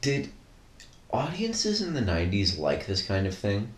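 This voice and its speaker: A man co-host trades dry, unhurried remarks about a film. His voice is very deep but swings widely in pitch. It echoes in a roomy space. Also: wildly swooping pitch. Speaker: podcast co-host. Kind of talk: casual movie chat. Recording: roomy echo.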